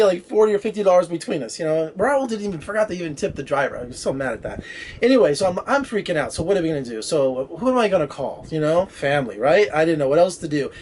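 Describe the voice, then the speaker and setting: A man talking quickly and with energy, telling a rambling story. His voice sits a little high, and he slips into the voices of the people he talks about. A faint hiss runs under the recording. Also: animated. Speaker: film critic vlogger. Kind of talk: casual storytelling. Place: Las Vegas area.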